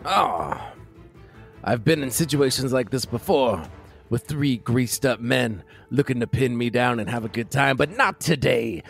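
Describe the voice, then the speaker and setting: A man's voice: medium pitch, measured pace, gravelly, slightly rough, soft background music. A man playing a bumbling monster hunter. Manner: grandiose, jokey, swearing.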